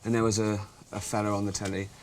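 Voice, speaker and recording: A man's voice: on the low side, little pitch movement, quick pace, slight background noise. An English man in his thirties giving a blunt, mock-ignorant comic news monologue. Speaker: comedy news presenter.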